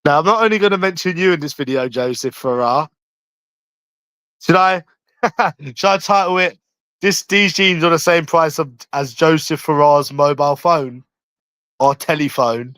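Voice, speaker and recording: A brash man with a London accent rambles through a casual live stream from his room at home, swearing freely. His voice sits somewhat high for a man. The sound is dry and close, with no room echo. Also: normal speed, long pauses, a bit bright.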